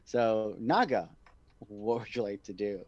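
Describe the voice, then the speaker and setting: A man running a tabletop game as game master, narrating in a relaxed, rambling way with frequent fillers. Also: fairly low pitch, a little slow, no room sound, muffled recording. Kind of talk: narrating a tabletop game over a live stream.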